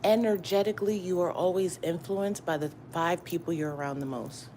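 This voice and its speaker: A woman's voice: lowish voice, normal speed, noisy background. A woman tarot reader giving a casual morning pep talk to her viewers, slangy and profane, repeating herself for emphasis. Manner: repetitive and emphatic, often asking "you get what I'm saying?".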